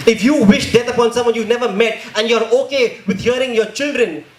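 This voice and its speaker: A man's voice: very high voice, a little fast. A man performing spoken word poetry in a rhythmic, intense delivery, stressing words hard. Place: live poetry event. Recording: echoey room with faint ambience.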